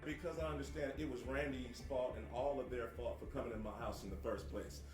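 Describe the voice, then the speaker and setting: A man's voice: mid-range voice, fairly even intonation, brisk, echoey room, over music. A man answering questions as a witness in court, curt at first and then defiant and sarcastic. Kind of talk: courtroom testimony.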